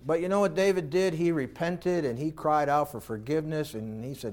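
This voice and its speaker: A high-voiced man preaching a folksy sermon, drifting from soft and reflective to loud and animated. His voice is lighter than most men's, and he talks like he's telling stories from his own life to a congregation. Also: brisk. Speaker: pastor.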